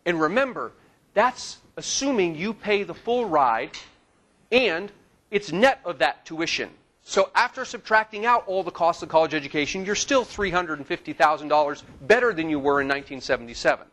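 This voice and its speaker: A man in his forties giving a classroom lecture in a lecture hall, lively and asking his audience questions. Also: a little high, moderate pace.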